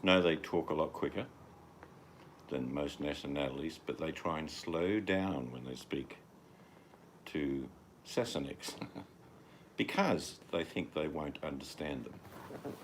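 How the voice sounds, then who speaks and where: A man's voice: rumbling low, slow, pauses often, slight background noise. A Scottish man from Scotland chatting casually, joking and telling stories with some swearing. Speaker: vlogger. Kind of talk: casual chat.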